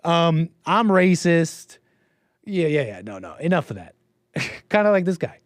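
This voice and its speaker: A man's voice: fairly high pitch, big pitch swings, a little fast, no echo, studio quality. A man who grew up in Canada, hosting a call-in livestream and talking in a rambling, hesitant way with many fillers and restarts. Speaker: livestream host taking calls. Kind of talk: casual livestream commentary.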